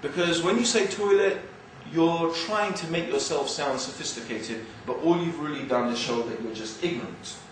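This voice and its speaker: An English man with a mix of upper-class and East London accents gives an animated, joking religious lecture to an audience. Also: fairly high pitch, moderate pace, hardly any pauses, a little hiss or hum. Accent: English, mixed with East London. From England. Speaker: Islamic speaker. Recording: very echoey hall, mic far off.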